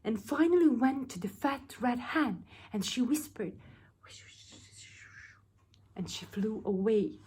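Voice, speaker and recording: Woman reading a storybook to children, slow, very lively pitch, husky. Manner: expressive, drawn-out storytelling. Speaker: nursery teacher. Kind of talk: reading a picture book aloud to children.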